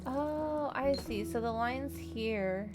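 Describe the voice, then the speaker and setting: A woman streamer plays through a cozy game and voices every character herself. She keeps her normal voice for all of them and changes only the pitch, then drops back into easy chatter between lines. Game music plays clearly behind her. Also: slow. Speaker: streamer voicing game dialogue.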